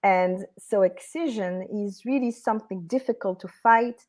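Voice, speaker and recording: A native French speaker from France, this woman speaks with a French accent as an interview guest and executive coach, earnest and explanatory. Her mid-range voice has a darkish tone and moves at normal speed.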